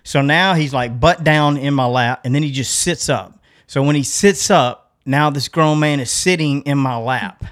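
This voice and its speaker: A middle-aged man with a drawl tells a story to his co-host, animated and quick to laugh. He jumps into the voices of the people in his story. His voice sits a little high for a man. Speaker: podcast co-host. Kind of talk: casual storytelling.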